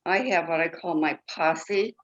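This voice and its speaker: A woman guest telling her story slowly and earnestly, with halting restarts. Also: lowish voice, fairly bright tone, dull audio. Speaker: guest, foundation founder. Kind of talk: interview storytelling.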